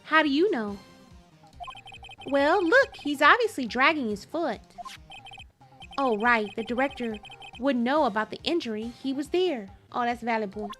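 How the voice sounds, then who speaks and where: A woman's voice: high-pitched, expressive, moderate pace, pauses often, fairly bright tone, soft background music. A woman streamer giving casual commentary over a game, chatty and exclaiming as she talks to her chat. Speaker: gaming streamer.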